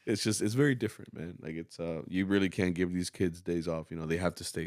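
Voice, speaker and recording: A man's voice: deep voice, fairly even intonation, quick pace, a little mellow, no echo, clean studio sound. A man who directs a school mariachi program, chatting casually on a podcast, rambling and laughing often and mixing in bits of Spanish.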